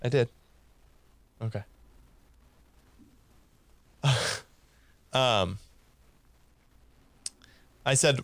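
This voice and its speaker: Man, mid pitch, casual storyteller who acts out quotes, dry close sound. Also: unhurried, long pauses, no echo. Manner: animated, laughs while telling, acts out quoted lines.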